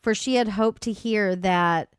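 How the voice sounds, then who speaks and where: A woman's voice: mid-range voice, measured pace, clear, resonant tone, dry recording, clean studio sound. A woman hosting a livestream, casually chatting and commenting on a story she is playing. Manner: casual, offhand asides. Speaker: livestream host. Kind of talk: casual chat, reacting to a story.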